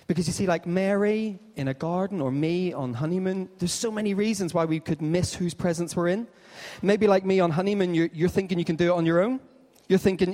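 A man preaching an Easter sermon in a rather high voice, with long reverb trailing behind every phrase in a large hall. He tells his stories animatedly and acts out each part of the dialogue. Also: brisk, hardly any pauses, darkish tone. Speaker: pastor.

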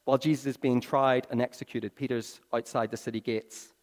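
A man preaching a sermon, telling stories with swings from hushed to excited. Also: medium pitch, a little fast. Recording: long reverb of a large hall.

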